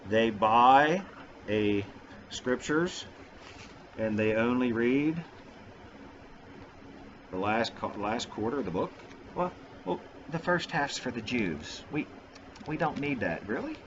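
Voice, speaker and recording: A man's voice: mid-range voice, fairly bright tone, a little hiss or hum. A middle-aged man talking on his own vlog about faith in a casual, rambling, self-mocking way. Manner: rambling, goofy, self-deprecating. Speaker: vlogger. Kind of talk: casual religious vlog talk. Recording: dull lo-fi sound.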